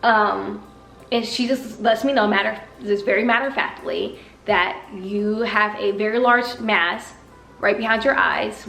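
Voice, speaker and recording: A young woman with a light Southern country twang tells her story in an animated way and drops into playful voices for the people in it. Her voice sits in an average range. She sounds like she is in an echoey room, with soft music behind her. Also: medium pitch. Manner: animated, acts out dialogue with exaggerated voices. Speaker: vlogger. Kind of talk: personal storytelling vlog.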